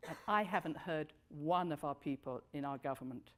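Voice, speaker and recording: A middle-aged woman gives a lively talk to an audience at a moderate pace, her voice swooping high for emphasis and then dropping low and soft.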